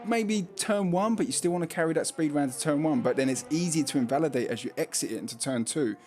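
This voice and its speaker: A man's voice: a little high, fast, darkish tone. A man commentating a sim race on his stream. He reads out chat messages and laughs often, and he does not pronounce his R's properly. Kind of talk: casual sim racing commentary.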